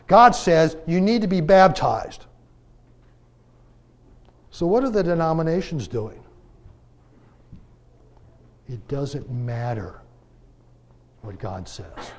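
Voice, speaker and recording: A man teaching a Bible class in a conversational preaching style, asking rhetorical questions and pressing his points with emphatic swings in loudness. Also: on the high side, lively intonation, slow, pauses often.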